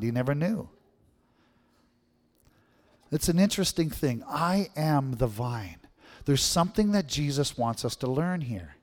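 Canadian guy preaching, kinda high voice, keeps asking the crowd "right?", big echoey hall. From Manitoba, Canada. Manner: animated, rising questions to the crowd, frequent "right?". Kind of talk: sermon with storytelling. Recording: long reverb in a hall.

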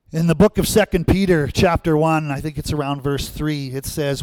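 A male preacher tells a story and then drives it home with repeated rhetorical questions to his listeners. His voice sits fairly high, and the recording is dry and close. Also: normal speed, few pauses, a little mellow, dry recording. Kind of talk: sermon with storytelling.

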